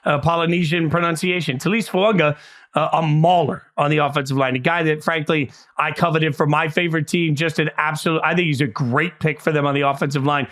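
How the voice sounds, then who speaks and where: A man's voice: on the high side, steady tone, brisk, fairly bright tone. A man co-hosting a casual sports podcast, giving blunt, emphatic opinions and asking himself rhetorical questions. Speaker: podcast co-host.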